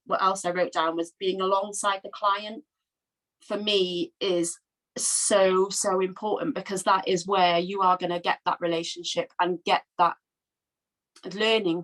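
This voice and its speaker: A woman with a Welsh accent, a trainee therapist speaking in a workshop discussion, nervous and heartfelt with halting restarts, on a video call. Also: fairly low pitch, a bit bright, rough recording. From Wales. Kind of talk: casual discussion.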